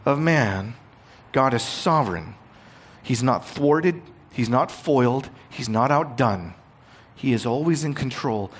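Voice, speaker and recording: A man preaching a sermon, growing loud and emphatic on key points and retelling scripture in casual modern paraphrase. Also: medium pitch. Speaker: pastor.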